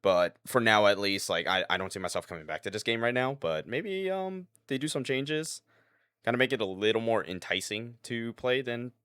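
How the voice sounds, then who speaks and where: A man co-hosting a podcast, talking in a halting, animated way and laughing easily. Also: medium pitch, clear, resonant tone, no room sound. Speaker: podcast co-host. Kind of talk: casual chat.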